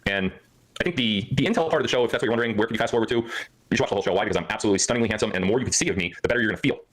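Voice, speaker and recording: A man's voice: fairly low pitch, very fast, fairly bright tone, low-quality recording. A man hosting a livestream, talking in a hyper, joking way and laughing often. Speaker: livestream host. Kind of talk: rambling livestream chat.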